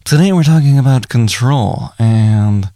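A man putting on the voice of a smooth public-radio announcer, slow, drawn-out and over-formal. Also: medium pitch, warm tone, no room sound, studio quality, natural voice. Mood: mock-formal.

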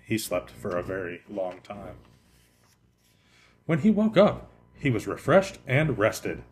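A man hosting a podcast, reading a children's picture book aloud in an expressive way that slows down for effect. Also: fairly low pitch. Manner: expressive, lively, slowing for effect.

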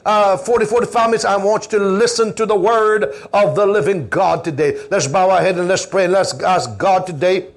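A man's voice: high voice, normal speed, hardly any pauses. A man preaching a fervent sermon, leading the congregation in call-and-response. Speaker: pastor.

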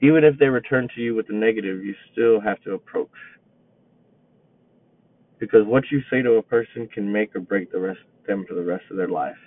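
A man's voice: fairly low pitch, a little fast. A man in his twenties, a teacher and coach, telling a story in a rambling, reflective way with many restarts. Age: 20s. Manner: rambling, repeats himself, reflective. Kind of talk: casual storytelling monologue. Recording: tinny phone-like line, dry.

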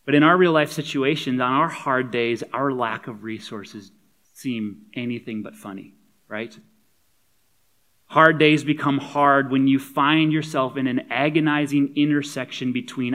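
A male pastor delivering a sermon in a relaxed, humorous, conversational way at a medium pitch. He builds to emphatic, energetic stretches when he drives a point home. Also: measured pace.

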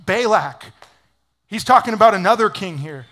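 A man pastor preaching a sermon in an energetic, casual storytelling way, full of "like". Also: high-pitched, moderate pace.

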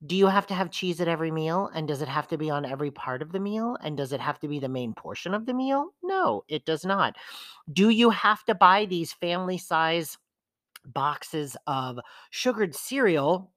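A woman's voice: low-pitched, a bit bright, dry recording, studio quality. A woman hosting a personal self-care podcast, talking candidly and casually, with some swearing. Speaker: podcast host.

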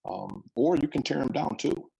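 A man's voice: mid-range voice, normal speed, gravelly, husky, lo-fi sound. A middle-aged man, a football coach, telling stories in a casual interview, rambling and restarting his sentences. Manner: relaxed, rambling with frequent restarts.

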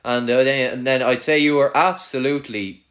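A man's voice: mid-range voice, steady tone, normal speed, fairly bright tone. A young man with a rural Irish accent chatting casually, swearing freely and trailing off into mutters. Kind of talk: casual chat.

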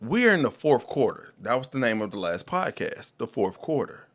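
A man hosting a casual podcast, animated and slangy, often repeating words as he starts a sentence. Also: mid-range voice, normal speed. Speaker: podcast host.

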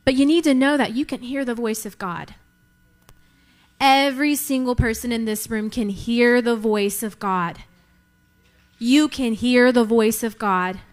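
Woman preacher, young, high voice, emphatic, repeats lines for effect. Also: fairly bright tone. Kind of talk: sermon.

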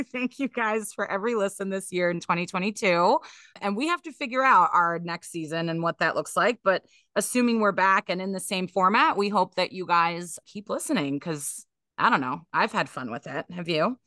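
Co-hosting a laid-back podcast, this woman is chatty, laughs a lot, and fills her speech with fillers. Her medium-pitched voice sounds pushed and bright at a normal speed, recorded on a podcast mic with clean studio sound and no room noise.

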